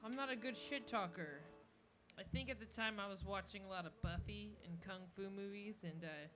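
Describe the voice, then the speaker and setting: A woman's voice: mid-range voice, moderate pace. A woman hosting a music and comedy show, chatting casually between songs in a joking, self-deprecating way. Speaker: host and musician. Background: guitar playing.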